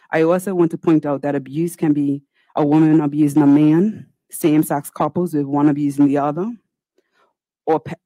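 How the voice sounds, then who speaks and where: A woman's voice: low voice, warm tone, dry recording, poor audio. A woman senator, giving a formal, earnest, pleading speech in a legislative chamber. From Bermuda. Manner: earnest, pleading, with slow deliberate pauses.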